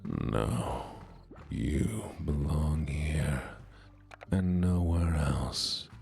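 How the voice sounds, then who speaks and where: A man voicing a possessive, obsessive yandere lover who talks slowly in a low, threatening half-whisper. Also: lively intonation, vocal fry, a little mellow, breathy edge, full character voice. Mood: menacing.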